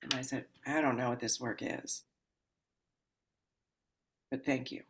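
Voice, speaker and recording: A woman guest on a podcast telling a personal story in a casual way. She acts out the voices of people in it, jumps to loud exclamations, and turns calm and measured when she explains a ritual. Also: extremely low pitch.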